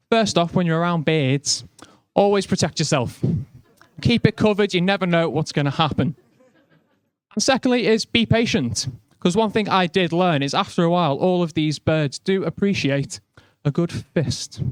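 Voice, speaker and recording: A man's voice: on the high side, clean tone, no room sound. A young man with a Liverpool accent doing a stand-up comedy set in a chatty, self-mocking way.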